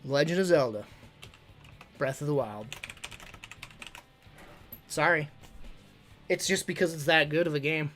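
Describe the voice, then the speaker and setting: A streamer talking casually on a live stream, gushing and excitable, often stumbling and repeating words. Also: medium pitch, unhurried, pauses often, faint music behind. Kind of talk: casual livestream talk ranking games.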